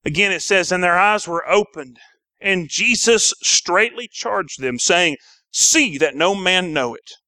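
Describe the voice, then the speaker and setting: A man's voice: sits high, animated, measured pace, bright, forceful tone, no room sound. A man preaching a sermon as pastor, calling out to the church with rising fervor.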